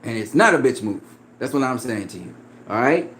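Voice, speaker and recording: A man's voice: medium pitch, lively intonation, fairly quick, a bit bright. A man in a profane, confrontational casual rant about boxing, laughing often as he talks back at a critic. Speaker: boxing commentator.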